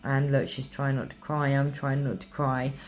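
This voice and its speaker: Middle-aged woman from England, very low voice, warm gushing chatty vlogger, recovering from illness. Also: steady tone, normal speed, faint music behind. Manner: gushing, emotional, chatty with many ums. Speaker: craft vlogger. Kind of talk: casual chat to camera.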